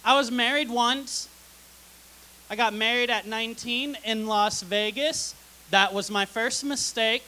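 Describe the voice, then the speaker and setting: A woman's voice: fairly high pitch, a little slow, sharp tone, rough recording. A young woman doing a stand-up comedy set on a theater stage, delivering sarcastic, dry punchlines into a stage mic. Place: theater stage before a live audience.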